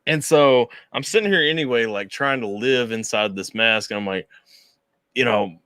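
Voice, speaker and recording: A man's voice: mid-range voice, moderate pace, clear, resonant tone, dry recording. A young adult man hosting a casual livestream interview, joking and poking fun at himself. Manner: animated, joking, self-deprecating. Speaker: host.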